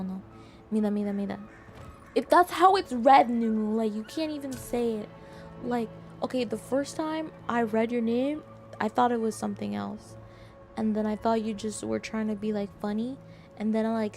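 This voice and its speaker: A young woman streamer chatting casually with her viewers in an animated, quick-reacting way. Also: on the high side, gravelly.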